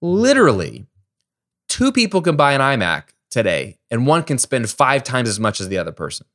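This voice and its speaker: A middle-aged man from the United States hosting a solo podcast, explaining ideas in a lively, conversational way with everyday examples. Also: mid-range voice, normal speed. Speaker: podcast host. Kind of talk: casual solo podcast teaching.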